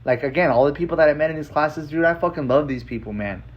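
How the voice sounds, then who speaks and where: A man telling a personal story in a casual, rambling way, full of filler words and swearing, emotional and excited. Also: on the high side, fast talker, muffled recording. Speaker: vlogger.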